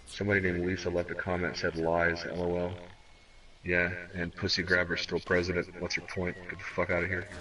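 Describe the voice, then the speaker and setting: A man's voice: sits low, monotone, brisk, bright, forceful tone, distant mic. A man co-hosting a casual gaming stream, rambling and swearing, often restarting his sentences. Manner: rambling, profane, frequent restarts. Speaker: stream co-host.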